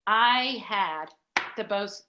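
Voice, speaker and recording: A middle-aged woman, a podcast guest, telling a personal story in a chatty, animated way with many fillers. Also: mid-range voice, extremely slow. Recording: echoey room.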